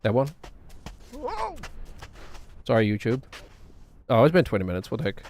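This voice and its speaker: A man's voice: lowish voice, lively intonation, moderate pace, darkish tone, slight background noise. A man streaming a game, chatting in a rambling, joking way with self-deprecating asides. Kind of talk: casual gaming stream chatter.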